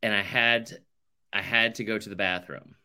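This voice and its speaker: A man's voice: on the low side, fairly even intonation, normal speed, sharp tone, clear, resonant tone. A male podcast co-host telling a rambling, sarcastic story in casual chat, saying "like" constantly. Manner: rambling, sarcastic, heavy use of "like".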